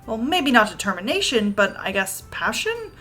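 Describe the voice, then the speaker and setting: A woman reading the lines of a composed, polite schoolgirl club president in a calm, measured way. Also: fairly high pitch.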